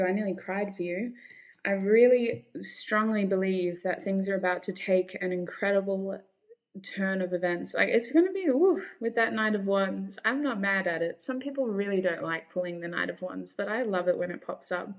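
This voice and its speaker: A woman talks straight to her viewers as she reads their tarot cards, reassuring and encouraging them. Her voice sits at a middle pitch for a woman, and she sometimes calls her listeners honey. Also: steady tone, moderate pace. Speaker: tarot reader. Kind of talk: encouraging tarot reading to camera.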